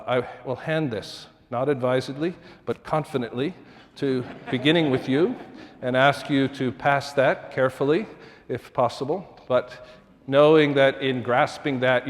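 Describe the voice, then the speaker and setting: Male lecturer, middle-aged, mid-pitched, formal and measured, frequent fillers; long hall reverb. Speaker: architecture dean giving a public lecture. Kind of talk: public lecture.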